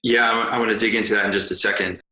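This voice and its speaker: Deep-voiced man host, bright and echoey. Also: fairly even intonation, rapid-fire. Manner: casual, rambling, many fillers. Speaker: podcast host. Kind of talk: podcast interview. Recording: roomy echo.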